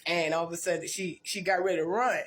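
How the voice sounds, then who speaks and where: A woman's voice: fairly low pitch, fairly even intonation, fast talker. A woman tells her life story in a blunt, profane, rambling way, often restarting and repeating herself. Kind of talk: casual storytelling monologue.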